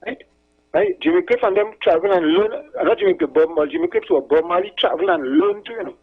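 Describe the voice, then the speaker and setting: A man's voice: sits high, very animated, fast, gravelly, breathy edge. A man calling into a talk show, rambling and repeating himself as he tells stories. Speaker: caller. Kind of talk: casual call-in chat. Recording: tinny phone line.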